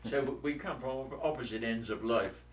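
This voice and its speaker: This London man in his eighties, a war veteran, recounts his wartime experiences bluntly and with salty phrasing for an oral history, his mid-range voice moving briskly. He's recorded from some distance in an echoey room, with a faint hiss underneath.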